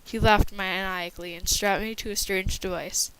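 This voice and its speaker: A woman's voice: medium pitch, steady tone, normal speed, a bit bright, slight background noise, poor audio. A woman narrating a scripted horror story with a dramatic reading manner.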